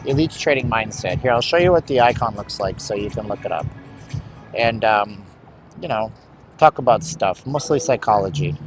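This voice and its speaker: A man live-streaming while walking outdoors on a hot city street, bluntly rambling to his chat. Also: lowish voice. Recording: street traffic noise.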